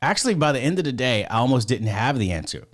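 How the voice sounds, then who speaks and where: A man's voice: medium pitch, big pitch swings, quick pace. A man, a podcast guest, telling a story in a casual, rambling way, full of fillers, restarts and swearing.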